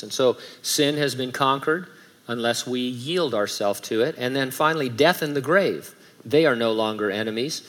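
Male pastor, mid-pitched voice, emphatic sermon delivery with light humor. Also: moderate pace, fairly bright tone. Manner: emphatic, reads scripture aloud with rising force, light humor.

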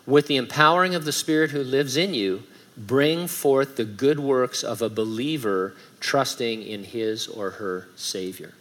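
A man's voice: medium pitch, measured pace, fairly bright tone. Emphatic male pastor preaching. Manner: emphatic, reads scripture aloud with rising force, light humor. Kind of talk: sermon.

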